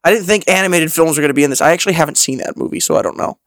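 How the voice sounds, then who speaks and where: A young man co-hosting a podcast in casual chat, animated and incredulous, swearing often. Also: a little high, racing, dry recording, clean studio sound. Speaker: podcast co-host.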